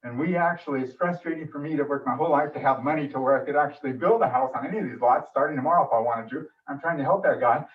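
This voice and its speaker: A man's voice: medium pitch, very fast, few pauses. A man giving an emotional, frustrated public comment at a city meeting. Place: council meeting room. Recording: distant dull room mic.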